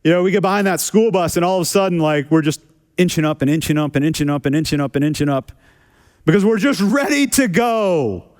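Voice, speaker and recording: A man's voice: fairly high pitch, fairly even intonation, rapid-fire, darkish tone. A man preaching a sermon as a pastor, talking casually with self-deprecating humor and repeating phrases for emphasis. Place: church sanctuary.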